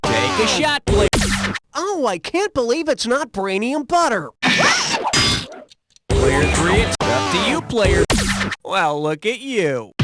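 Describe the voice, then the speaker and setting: A man hosting a quiz game, wisecracking and punning, jumping between loud calls and low asides. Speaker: quiz show host. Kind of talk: scripted game show hosting. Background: game music.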